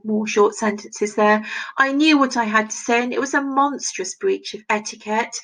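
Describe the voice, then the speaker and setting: A woman teacher going through a text line by line, pointing out each device and reading the quoted bits with extra emphasis. Her voice has a gravelly edge at a middling pitch. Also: a bit bright, low-quality recording. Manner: explanatory, reads quoted passages aloud with emphasis. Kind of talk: recorded literature lesson.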